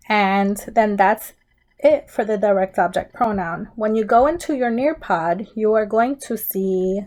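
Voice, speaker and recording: Slow, patient woman teacher. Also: mid-range voice, a little mellow. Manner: patient, explains step by step with frequent "okay?" checks. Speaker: Spanish teacher. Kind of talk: recorded classroom grammar tutorial.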